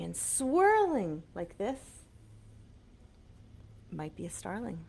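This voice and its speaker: A woman librarian reading a picture book aloud to small children, animated and coaxing, asking them questions, recorded on a webcam. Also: medium pitch, takes it slowly, creaky, pauses often, breathy edge. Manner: animated, sing-song, coaxing questions to kids.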